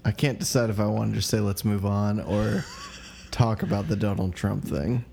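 A man's voice: on the low side, fairly even intonation, normal speed, gravelly, dark tone, slight background noise. A tipsy man hosting a podcast, chatting loosely, laughing and swearing. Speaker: podcast host. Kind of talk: casual chat.

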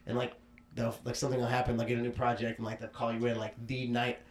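A man's voice: mid-range voice, monotone, quick pace. A young man in casual podcast chat, rambling with lots of fillers and frequent laughs. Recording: roomy echo.

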